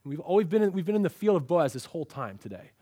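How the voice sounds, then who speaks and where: A man's voice: fairly high pitch, sing-song, very fast, warm tone, breathy edge, no room sound, studio quality. A man preaching an expository sermon, telling the story with energy and acting out the lines he quotes. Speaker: pastor.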